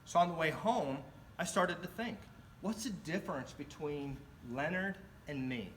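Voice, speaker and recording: A middle-aged man telling a personal story in a club speech, animated and acting out the voices of the people in it. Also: on the high side, unhurried, a little hiss or hum. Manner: animated, acts out quoted voices. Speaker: club speaker.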